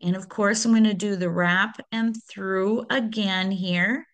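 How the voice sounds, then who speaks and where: A woman hosting a craft tutorial, talking through each step on screen in a relaxed way and correcting her small slips as she goes. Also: medium pitch, unhurried. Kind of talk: screen-recorded software tutorial.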